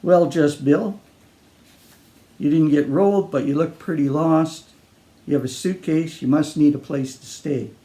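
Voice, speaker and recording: A man's voice: on the high side, measured pace, dark tone, lightly acted. A man voicing a tall, friendly Australian drifter who talks easily to a stranger in a breezy, chummy way.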